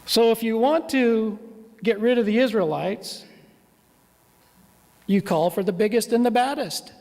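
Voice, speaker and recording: A minister with a fairly high voice preaches in a relaxed, conversational storytelling manner. His voice carries through a church with a long reverb tail. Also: measured pace, creaky. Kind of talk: sermon.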